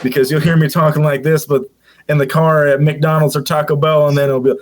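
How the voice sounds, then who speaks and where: A man's voice: little pitch movement, fairly quick. A man from the Midwest chatting casually as a podcast guest, laid-back and a little rambling. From American Midwest. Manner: laid-back, drops into a deep announcer voice at times. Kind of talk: casual chat.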